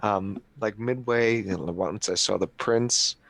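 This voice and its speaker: A man's voice: on the low side, unhurried, creaky, a bit bright. A man playing in a tabletop game, describing his character's actions hesitantly with many fillers. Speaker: player. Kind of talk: tabletop role-play chat.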